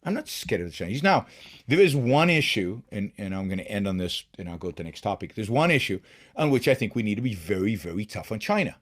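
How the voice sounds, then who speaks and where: Man, middle-aged, fairly low voice, solo show host, emphatic commentary, repeats and restarts words. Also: sing-song, quick pace. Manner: emphatic, with many restarts and repetitions.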